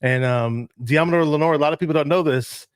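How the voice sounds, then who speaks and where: A man co-hosting a fan show, speaking in a measured, laid-back way with frequent ums. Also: fairly high pitch, clear, resonant tone, no room sound, clean studio sound. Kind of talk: casual sports talk.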